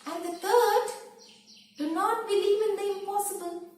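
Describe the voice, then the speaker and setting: Woman doing a squeaky little gray bird. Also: steady tone, darkish tone. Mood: teasing. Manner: pleading then teasing, quick. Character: small gray clever talking bird. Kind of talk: storybook reading. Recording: echoey room, voice from far off.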